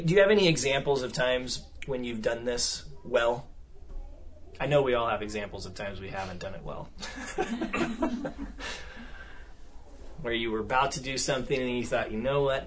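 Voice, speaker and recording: Heard with slight background noise, a medium-pitched man leads a counseling seminar, talking conversationally and often checking in with the room as the audience discusses.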